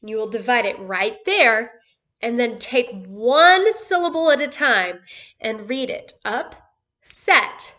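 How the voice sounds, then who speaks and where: A woman teaching a phonics lesson to first graders, slow and patient, drawing out each word and praising often. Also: fairly high pitch, lively intonation, a bit bright, highs cut off. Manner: slow, patient, drawn-out words with encouraging praise. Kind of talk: phonics lesson for young children.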